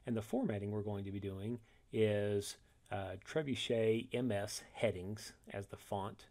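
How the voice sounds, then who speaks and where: A man walking through a software tutorial step by step, reading each instruction and then demonstrating it, correcting himself along the way. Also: fairly low pitch, fairly even intonation, measured pace. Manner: methodical, reads steps then demonstrates, self-corrects.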